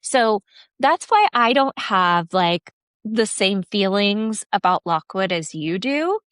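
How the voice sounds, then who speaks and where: A woman's voice: medium pitch, sing-song, slow, a bit bright, smooth, no echo, clean studio sound. A woman co-hosting a podcast, talking through her reading of a novel in a thoughtful, explanatory way. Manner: thoughtful, explaining things at an easy pace. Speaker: podcast co-host. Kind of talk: casual book discussion.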